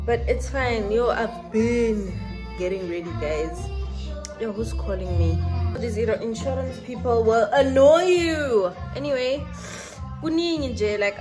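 A young woman, chatting casually to her phone camera for a vlog in a soft, rambling way full of fillers. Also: a little high. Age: 20s. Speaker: mom vlogger. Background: background music.

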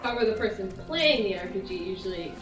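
A woman's voice: mid-range voice, expressive, fast, soft background music. A woman chiming in from off screen with wry, teasing comments on a gameplay session. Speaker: host's wife, co-commentator. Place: couch off screen. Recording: distant, roomy off-mic sound.

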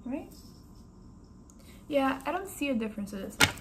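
High-voiced woman chatting animatedly to camera. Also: big pitch swings, normal speed, very noisy. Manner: exclamatory, frank, chatty. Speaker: vlogger. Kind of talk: casual vlog talking to camera. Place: at home.

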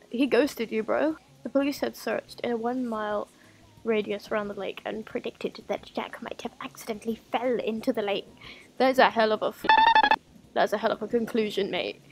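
A woman's voice: a little high, gravelly. A woman giving sarcastic, casual commentary as she streams a video game, mocking what she reads on screen.

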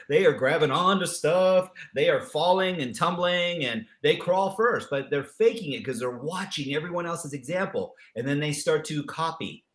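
A middle-aged man guest in a motivational interview who tells lively stories and acts out the people in them with changing voices. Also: medium pitch, reverberant. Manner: lively storyteller acting out dialogue with voice changes. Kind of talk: animated motivational interview talk.

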